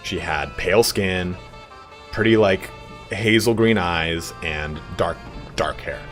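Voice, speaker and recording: Low-voiced rambling streamer guy. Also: slow, fairly bright tone, soft background music. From Southern California. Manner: rambling, chatty, swears freely. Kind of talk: casual live gameplay stream chat.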